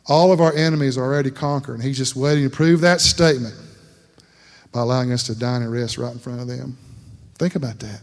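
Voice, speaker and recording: A man's voice: medium pitch, fast. A middle-aged man preaching a sermon, telling a folksy story and laughing often. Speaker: pastor. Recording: long hall reverb.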